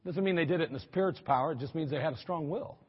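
This high, husky-voiced male preacher delivers a very fast, animated sermon, breaking into abrupt exclamations while acting out quoted reactions. His words echo with long reverb through a church hall, and the audio comes across dull and muffled.

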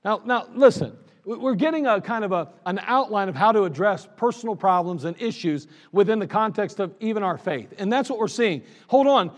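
High-voiced man preaching in a reverberant church. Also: lively intonation, fairly quick. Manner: conversational preaching, reads scripture aloud and acts out little scenes. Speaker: pastor. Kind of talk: sermon. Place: church sanctuary. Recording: long reverb of a church sanctuary.

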